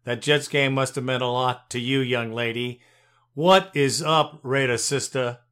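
A man's voice: medium pitch, unhurried, fairly bright tone, clear, resonant tone. A man hosting a sports call-in podcast, easygoing and chuckling between thoughts. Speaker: podcast host. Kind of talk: casual sports talk hosting.

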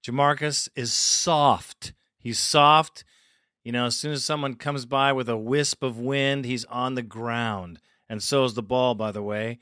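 A man hosting a sports fan call-in show, excitable, often laughing and calling callers brother. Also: mid-range voice, unhurried, smooth, dry recording, studio quality. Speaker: podcast host.

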